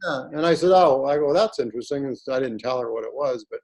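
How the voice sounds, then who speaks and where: A man's voice: medium pitch, fast, a little mellow, rough recording. A man in his forties, an interview guest telling long, rambling personal stories in a casual, earnest way over a video call. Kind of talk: casual conversation.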